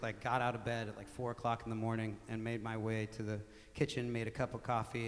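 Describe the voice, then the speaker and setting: A male singer-songwriter telling animated, conversational stories between songs at a live gig, acting out quotes as he goes. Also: on the low side, long reverb tail. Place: small live music venue with audience.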